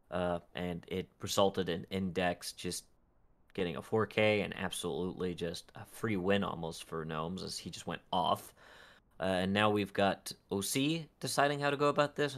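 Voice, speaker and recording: A man's voice: lowish voice, fairly bright tone. A man casting an esports match play-by-play, his energy rising when the fights break out. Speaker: esports caster.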